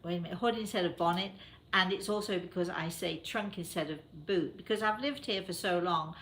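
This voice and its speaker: Chatty British woman host, lowish voice. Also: fairly quick, a little hiss or hum. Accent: British English. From England. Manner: chatty, warm addressing listeners, many fillers. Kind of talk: casual radio show talk.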